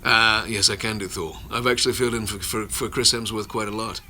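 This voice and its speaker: Fairly quick and sharp-toned, a voice actor with a lowish, fairly even voice takes viewer questions on a casual phone livestream at home while his kids are near. He rambles, often interrupts himself, and chuckles between answers, with slight background noise in the recording.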